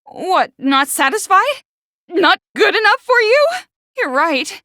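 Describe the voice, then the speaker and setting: A woman voicing a prickly, sharp-tongued teenage girl in a video game, who stutters when flustered. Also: extremely high pitch, sing-song, slow, dry recording, studio quality, exaggerated voice. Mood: mocking. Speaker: game character.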